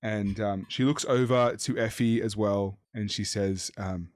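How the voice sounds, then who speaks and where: A man's voice: fairly low pitch, fairly even intonation, unhurried, hardly any pauses. A man running a tabletop horror game as game master, narrating casually with many fillers.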